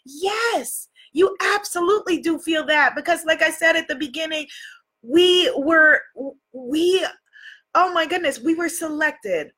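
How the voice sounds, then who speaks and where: A woman coaching viewers on a livestream, warm and encouraging, greeting them by name and repeating phrases for emphasis. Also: sits high. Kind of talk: live motivational coaching.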